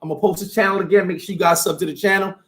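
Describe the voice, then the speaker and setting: A man hosting a casual talk show, speaking in a lively, preachy motivational way. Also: high-pitched, racing. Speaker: host. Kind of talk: casual chat.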